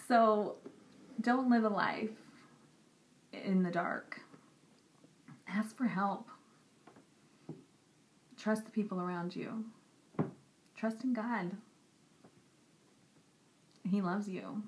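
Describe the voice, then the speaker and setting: A young woman talking earnestly and directly to camera in a personal vlog. She repeats herself for emphasis and sometimes drops into soft, whispery asides. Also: medium pitch, slow, pauses often. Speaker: Christian vlogger. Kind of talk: personal encouraging talk to camera.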